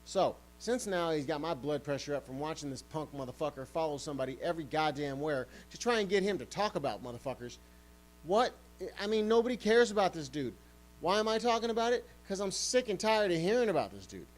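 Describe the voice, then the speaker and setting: A man's voice: on the high side, big pitch swings, fairly quick, low-quality recording. A man hosting a sports podcast, ranting heatedly and swearing often. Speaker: podcast host.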